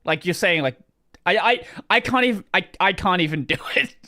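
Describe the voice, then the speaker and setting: High, lively Australian man. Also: fairly quick. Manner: animated, swears freely, plays with pronunciations. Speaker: streamer host. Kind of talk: casual gaming stream chat.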